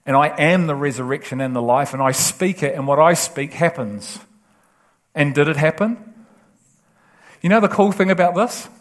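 A man preaching a sermon with passion, often laughing and acting out the voices he quotes. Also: a little high. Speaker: pastor.

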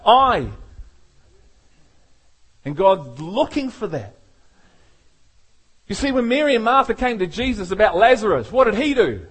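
A male preacher with a high voice delivers a sermon. He is animated and keeps slipping into the voices of the people he quotes. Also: slightly rough. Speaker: pastor.

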